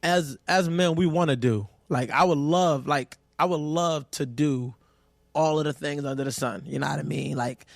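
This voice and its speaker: A man co-hosting a casual podcast, speaking candidly and profanely as he gives blunt relationship advice and tells lively stories. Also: on the high side, normal speed, vocal fry, no echo, clean studio sound. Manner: lively storyteller. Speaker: podcast co-host.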